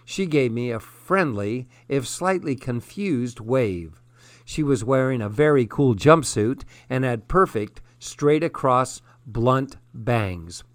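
A man narrating a first-person story in a measured, steady way. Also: mid-range voice, dry recording. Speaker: audiobook narrator.

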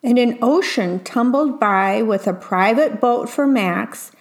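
A woman reading a picture book aloud slowly, pausing to describe each illustration in a gentle storytime manner. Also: fairly high pitch. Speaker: reader.

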